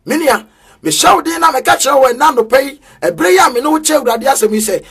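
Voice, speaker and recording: A man preaching an energetic street sermon, chanting in a sing-song way with bursts of shouting. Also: extremely high pitch, quick pace.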